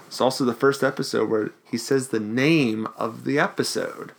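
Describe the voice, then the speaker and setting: A man from the Baltimore area co-hosting a podcast in casual, jokey, excitable chat. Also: medium pitch, moderate pace, vocal fry, hardly any pauses. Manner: jokey, excitable, self-mocking. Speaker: podcast co-host.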